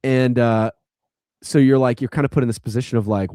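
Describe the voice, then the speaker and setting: A man's voice: medium pitch, steady tone, brisk, dark tone, dry recording, studio quality. A man on a podcast retelling a video game story in a casual, rambling way, full of likes and restarts. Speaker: podcast co-host.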